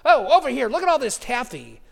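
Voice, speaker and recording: A man's voice: high voice, sing-song, normal speed. A man voicing a chatty, effusive woman shopkeeper, eager to please, while retelling a story in a sermon.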